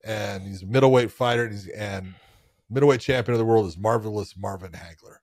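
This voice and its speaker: A man co-hosting a casual sports podcast, telling stories in a loose, animated, profane way. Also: on the low side, a little fast, dry recording, clean studio sound. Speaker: podcast co-host.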